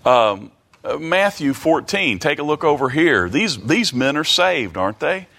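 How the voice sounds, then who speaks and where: A man preaching a Bible study sermon, halting and restarting, reading scripture aloud and asking the listeners many rhetorical questions. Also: fairly high pitch, sing-song, creaky, fairly bright tone. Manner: reads King James scripture aloud.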